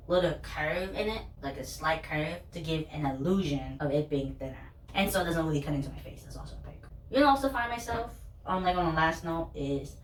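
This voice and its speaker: A young woman and student telling candid, rambling personal stories in a vlog, laughing at herself. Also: low voice. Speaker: vlogger, student. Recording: roomy, distant, faint hum.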